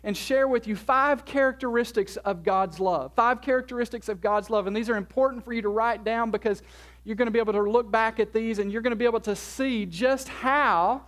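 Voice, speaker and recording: Male preacher, very high pitch, earnest and encouraging, repeats phrases, sermon delivery. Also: a little fast, fairly bright tone. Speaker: pastor.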